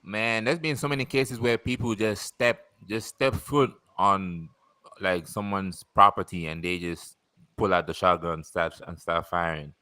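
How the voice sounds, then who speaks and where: A man casually telling an animated story about a delivery, laughing and swearing as he goes. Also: sits low, unhurried, no room sound. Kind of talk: casual chat.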